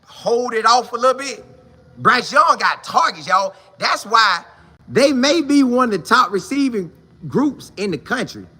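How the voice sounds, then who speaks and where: Man, sports talk host, high voice, very bright tone, slangy, repeats himself, casual comment reading. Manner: slangy, repetitive, animated.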